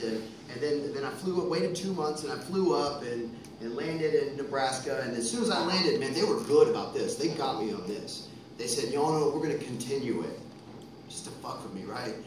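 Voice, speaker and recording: On a stage mic at a concert venue, a Texan man in his thirties tells a long, rambling, profane story between songs, getting more and more worked up. His voice sits at a medium pitch over a noisy background. The live recording is echoey and captured from far away.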